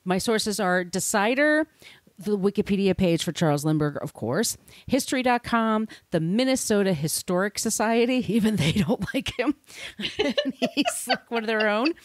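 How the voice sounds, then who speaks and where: A woman's voice: medium pitch, animated, normal speed, no room sound. Brief: irreverent woman podcast host, casual chat, cursing, dry recording. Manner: chatty, irreverent, swears casually.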